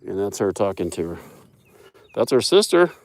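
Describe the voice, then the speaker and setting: A man's voice: on the low side, sing-song, moderate pace, vocal fry, no room sound. A man chatting casually on a live stream while out among cattle in a pasture, joking and talking to the animals. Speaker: livestreamer on a farm.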